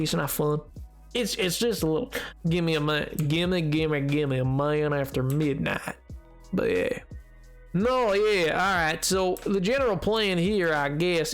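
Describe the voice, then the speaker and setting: A man streaming a game, chatting casually and excitably with his viewers. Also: a little high. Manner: chatty and excitable, reacting to chat. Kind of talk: casual chat while playing.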